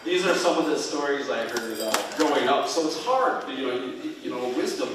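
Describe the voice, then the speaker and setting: A man's voice: medium pitch, expressive, moderate pace, recorded from a distance, heavy background noise. Man telling stories in an echoey hall. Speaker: storyteller and musician. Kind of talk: live stage storytelling. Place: performing arts center stage.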